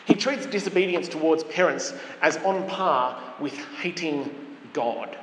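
Earnest preacher in an echoey hall. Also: male voice, fairly high pitch, animated. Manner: measured, earnest, emphatic lists. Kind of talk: sermon. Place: church. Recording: echoey church hall with faint noise.

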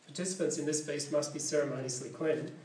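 A man preaches a sermon from a distance from the mic, his rather high, mellow voice ringing through an echoey room over faint ambient noise. He reads scripture aloud, then explains it in a loose, conversational way and often catches and corrects himself mid-sentence. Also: fast. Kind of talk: sermon with Bible reading and commentary.

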